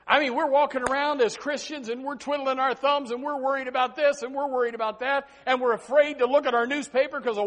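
A man preaching a sermon as pastor, animated and folksy, breaking into snatches of hymns. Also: very high voice.

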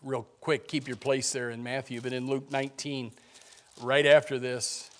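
Preaching to his congregation, this male pastor shifts from loud pronouncements to soft, low-voiced lines and throws out rhetorical questions. His pitch stays fairly flat and his pace is ordinary.

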